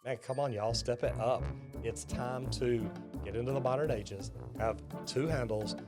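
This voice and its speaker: A man's voice: mid-range voice, fairly even intonation, normal speed, music in the background. A man, a plumber hosting a reaction video, explaining things in a friendly, folksy way. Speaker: plumber and host reacting to a clip. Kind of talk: reaction commentary.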